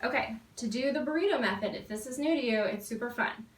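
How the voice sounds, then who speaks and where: A woman's voice: on the high side, fast talker, slight background noise. A woman in her thirties, hosting a sewing tutorial and cheerfully explaining each step. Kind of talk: upbeat tutorial instruction. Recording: roomy, mic at a distance.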